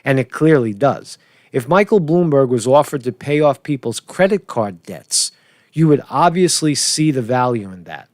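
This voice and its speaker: A man's voice: medium pitch, animated, moderate pace, no echo, studio quality. A man rambling through political commentary in a casual vlog, swearing, chuckling and restarting his sentences while he keeps asking "right?".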